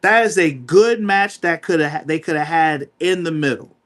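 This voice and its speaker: A man co-hosting a casual wrestling podcast, talking emphatically, repeating himself and filling pauses with "uh". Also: on the high side. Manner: animated, emphatic, repeats himself with many fillers. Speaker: podcast co-host.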